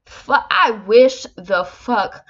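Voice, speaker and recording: A woman's voice: a little high, animated, extremely slow, fairly bright tone. A woman in her twenties hosting a casual solo podcast, talking candidly, animatedly and swearing constantly. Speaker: podcast host. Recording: slightly muffled lo-fi recording.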